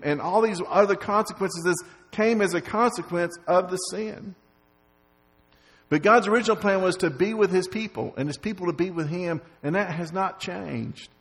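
Man preaching in a big echoey hall, kinda high voice, lots of uh and the the the. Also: fairly bright tone. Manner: many repeated words and fillers, rising to emphasis. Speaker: pastor. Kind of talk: sermon. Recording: long reverb of a large hall.

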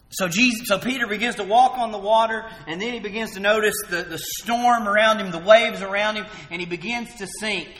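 Preaching man in an echoing hall. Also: high-pitched. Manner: animated preaching, rising loud for emphasis and dropping soft for quoted words. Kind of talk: evening sermon.

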